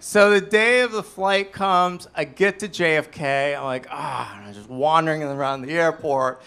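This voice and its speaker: A man in his thirties telling a self-deprecating story on stage, animated and swinging between loud and hushed. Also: a little high, normal speed, clean tone. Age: 30s. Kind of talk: live storytelling performance.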